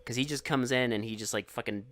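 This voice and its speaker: A man co-hosting a podcast, recapping a movie in casual, profane, animated chat and acting out scenes. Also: mid-range voice, quick pace, no room sound. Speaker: podcast co-host.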